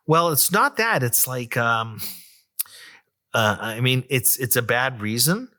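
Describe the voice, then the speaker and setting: A man's voice: mid-range voice, lively intonation, slow, bright, forceful tone. A middle-aged man, an economist, telling a story from his career in a chatty interview, full of fillers and restarts. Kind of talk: conversational storytelling.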